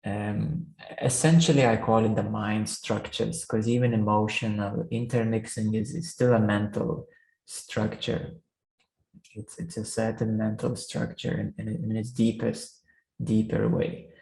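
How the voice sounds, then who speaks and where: Man, meditation teacher, spiritual talk, halting with restarts and fillers, gravelly voice, echoey room. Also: fairly low pitch, flat delivery, a little mellow.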